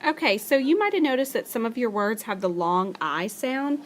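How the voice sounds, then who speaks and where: A woman teacher recording a spelling lesson as a voice-over for her class. She talks patiently and slows down to stretch out each example word. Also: a little high, lively intonation, slight background noise. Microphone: screencast voice-over.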